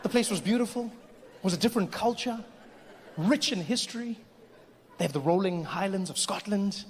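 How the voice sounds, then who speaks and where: A man performing a stand-up comedy routine in an animated way, acting out characters in shifting voices before a live audience. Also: sits high, moderate pace, a little hiss or hum. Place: large theater with live audience. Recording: live hall recording with audience.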